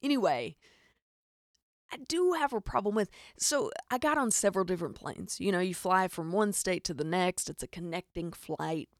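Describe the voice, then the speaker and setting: A woman from Arkansas with a Southern Arkansas accent, telling a funny story as a podcast host, with animated, exasperated asides. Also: lowish voice, moderate pace, no room sound, studio quality. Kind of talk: comedic storytelling monologue.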